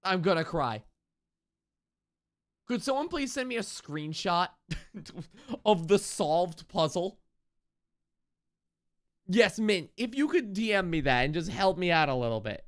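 A man streaming a video game live, thinking out loud and repeating himself, with sudden excited outbursts. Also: high voice, slow pace, long pauses. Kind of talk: live gameplay commentary.

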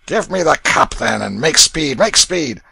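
A man reading aloud, voicing a rough, brutal middle-aged father who barks and growls orders in archaic speech. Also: mid-range voice, normal speed, fairly bright tone, no room sound, pitched above the performer's own voice. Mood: gruff.

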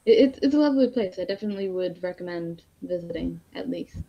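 A woman playing a tabletop game, casual and relaxed, giving brief replies. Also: on the low side, fast talker, gravelly, a crowd in the background. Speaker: player. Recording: dull lo-fi mic.

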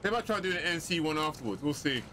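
Excitable man doing gameplay commentary. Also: on the high side, fast, a little hiss or hum. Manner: chatty, excitable, joking asides. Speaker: gaming commentator. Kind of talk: casual let's-play commentary.

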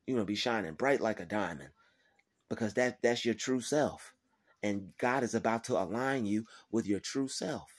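A man's voice: on the low side, moderate pace. Man giving an emphatic, profane pep talk. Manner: emphatic, repetitive, swearing freely. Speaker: faith-based motivational vlogger.

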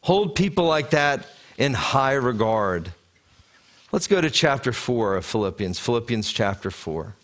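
Male rabbi, 30s, animated storytelling sermon with frequent restarts. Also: medium pitch, measured pace. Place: congregation sanctuary.

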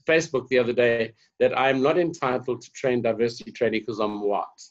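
A South African man speaking as a guest in a conversational interview, an animated storyteller. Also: mid-range voice, fairly quick. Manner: animated storyteller, laughs often. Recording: dull lo-fi sound.

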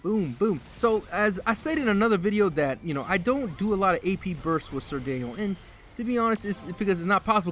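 A man hosting a gaming video, giving casual, excitable commentary while he plays, a little out of breath, with sudden loud outbursts. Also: sits high, quick pace.

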